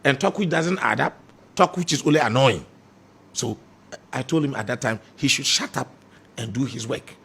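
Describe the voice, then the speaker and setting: A man's voice: mid-range voice, moderate pace, gravelly, pauses often, noisy background. A man giving political commentary in a blunt, scolding way.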